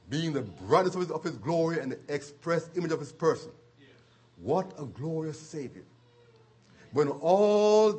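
A husky-voiced man preaching a sermon with a slightly raised pitch. He retells scripture stories in an animated way, slowing down for weight and chuckling as he goes. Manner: animated storytelling with chuckles and dramatic slowdowns.

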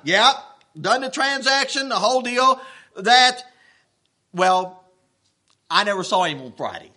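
A man preaching a sermon, telling a story in an animated, worked-up way with plenty of restarts. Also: high-pitched, takes it slowly, long pauses. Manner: folksy, animated, getting worked up.

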